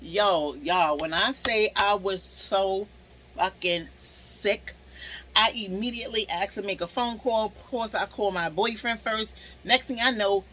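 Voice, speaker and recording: A young woman telling a storytime to her viewers in a casual, animated way, swearing freely. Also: mid-range voice, unhurried, low-quality recording.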